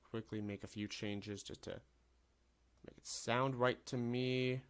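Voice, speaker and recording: He speaks slowly in a clean, medium-pitched voice with fairly even intonation. The young gaming host delivers casual, upbeat tier-list commentary that rambles and includes frequent self-corrections.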